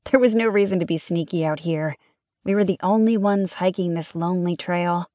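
A woman narrating a first-person mystery audiobook in a lively, wry storytelling manner. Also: on the low side, moderate pace, no echo, studio quality.

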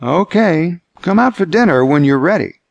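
A man's voice: on the high side, lively intonation, moderate pace, gravelly, dry recording, dull audio, pitched above the performer's own voice. A man voicing a cautious, tender father of a bullied son, speaking tentatively in an audiobook. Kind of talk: audiobook character voice.

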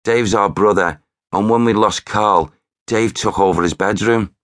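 A man's voice: fairly low pitch, unhurried, a bit bright. A man voicing a young woman speaking fondly of her family, in audiobook narration. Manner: tearful laughter, fond. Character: young woman, grieving sister, warm.

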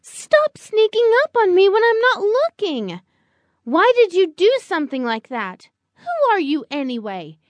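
A woman's voice: extremely high pitch, huge pitch swings, unhurried, dry recording, voice pushed up, exaggerated voice. A woman voicing a proud, fearless female cat who scolds a dog, in a children's storybook. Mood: indignant.

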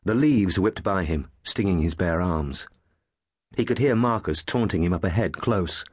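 A deep, husky male narrator reads scripted audiobook narration in a measured, even storytelling manner. There is no room sound.

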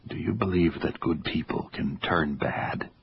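Wry dying old father, voiced by a man, low voice, weary manner, slightly dull recording, faint hiss. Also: a little slow. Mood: grave.

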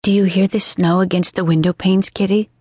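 A woman's voice: mid-range voice, flat delivery, a little fast, a little mellow, husky, dry recording, lightly acted. A woman voicing a chatty, imaginative young girl in an audiobook, earnest and lilting. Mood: dreamy. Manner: earnest, scolding and dreamy by turns, lilting. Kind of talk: audiobook character reading. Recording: dry studio sound.

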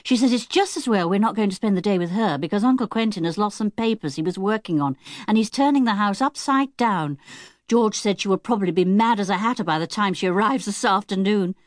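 A woman's voice: mid-range voice, fairly quick, no echo, clean studio sound, close to an everyday voice. A woman narrator voicing an eager, polite young schoolgirl in a children's audiobook. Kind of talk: audiobook character voice.

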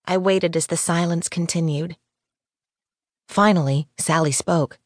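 A woman reading a first-person mystery audiobook in a measured, even storytelling manner on a studio microphone. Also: on the low side, dry recording. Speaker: audiobook narrator.

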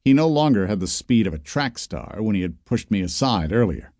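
A man reading a first-person mystery story, with dry narration and lively character voices. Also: fairly low pitch, a little fast, no room sound. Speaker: audiobook narrator. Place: studio booth.

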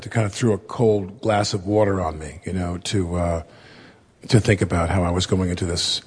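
A man in his fifties speaks in a low, raspy, husky voice, wandering through his memories with plenty of fillers and restarts. The talk is candid and conversational, recorded in a studio interview. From United States. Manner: rambling, many fillers and self-corrections. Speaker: actor and interview guest.

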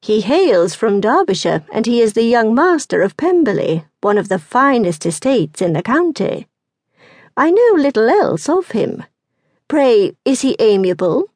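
A woman reading an audiobook, voicing an effusive, gossipy aristocratic lady who chatters on without pause. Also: very animated, darkish tone, no room sound, clean studio sound. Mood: eager, gushing. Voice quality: high, chattering, breathless.

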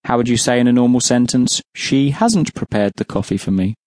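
A man's voice: medium pitch, a little fast, darkish tone, dry recording. An English man teaching a language lesson on an audiobook, patiently explaining and then asking the listener to answer. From England.

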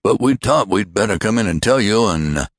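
A man playing an old male servant, eager and pleading, voice lifted higher than the storyteller's own, dry close recording. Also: lively intonation, normal speed, no echo. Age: older. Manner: pleading, insistent.

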